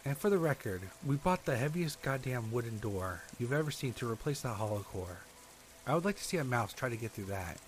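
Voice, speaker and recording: A man reads out scary true stories in a dramatic, scripted way. His pitch swings widely as he builds tension. Soft rain patters faintly in the background. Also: fairly quick, slight background noise. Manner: dramatic, expressive storytelling. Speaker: horror story narrator. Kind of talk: scripted horror narration.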